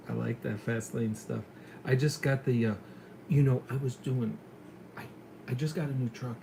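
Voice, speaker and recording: A middle-aged former police lieutenant from New York with a New York accent, chatting casually and telling stories in a lively way. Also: male voice, a little high, gravelly, a little hiss or hum, poor audio. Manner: chatty storyteller, animated when retelling. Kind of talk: casual chat on a call.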